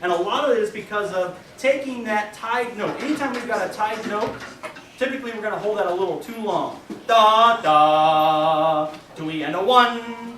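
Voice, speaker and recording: A man directing a high school band rehearsal, scatting rhythms on nonsense syllables and counting the players in. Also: brisk, fairly bright tone, distant mic, a little hiss or hum. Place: large band rehearsal room. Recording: echoey rehearsal room from afar with band music. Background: band playing.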